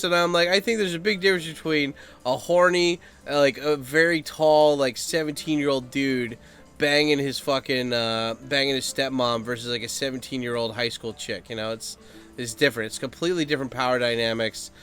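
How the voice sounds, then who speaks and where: A man ranting casually to his camera for his channel, swearing freely and acting out other people's lines in quick put-on voices. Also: mid-range voice, steady tone, a bit bright, clean tone, faint music behind. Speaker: YouTuber. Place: Japan.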